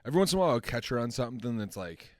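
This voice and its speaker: A young adult man co-hosting a podcast, talking in an animated, jokey way and laughing often. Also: mid-range voice, racing, no room sound, clean studio sound. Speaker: podcast co-host. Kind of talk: casual chat.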